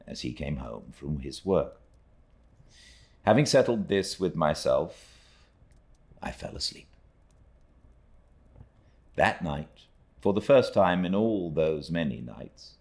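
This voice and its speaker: Very deep, slow male audiobook narrator. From Britain. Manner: measured, expressive storytelling. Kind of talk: unabridged audiobook reading.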